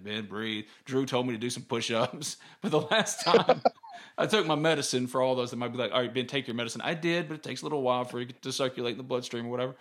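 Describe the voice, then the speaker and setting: A man's voice: mid-range voice, fairly bright tone. Candid man rambling on. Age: 30s. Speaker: podcast host. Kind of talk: casual sports podcast chat.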